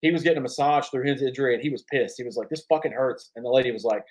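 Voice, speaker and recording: Profane, animated male sports podcast co-host. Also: medium pitch, very fast, low-quality recording. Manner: profane, animated storyteller with bursts of laughter. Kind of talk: casual sports chat.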